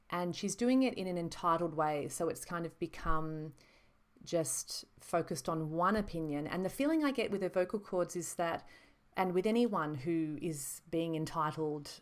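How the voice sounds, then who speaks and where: A woman talks through a lesson on voices, measured and explanatory, often slowing down to stress a point. Her voice is slightly low for a woman. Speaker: voice instructor. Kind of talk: reflective teaching monologue.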